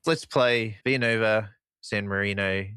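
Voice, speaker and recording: A man's voice: lowish voice, fairly even intonation, measured pace, pushed and bright, clean tone, no echo. A man hosting an interview, easygoing and laughing as he asks questions. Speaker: podcast host. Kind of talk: casual interview chat.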